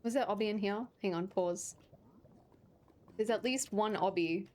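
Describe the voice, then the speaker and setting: Female streamer, mid pitch, loose sarcastic gaming chatter. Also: unhurried, darkish tone. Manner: chatty, sarcastic, rambling asides. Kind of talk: casual gaming stream chat.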